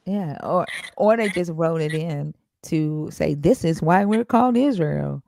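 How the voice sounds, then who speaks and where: A woman's voice: deep voice, measured pace, vocal fry, a little mellow, dry recording. A woman co-hosting a casual Bible chat who asks pointed questions and reasons them out aloud. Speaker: podcast co-host discussing the Bible.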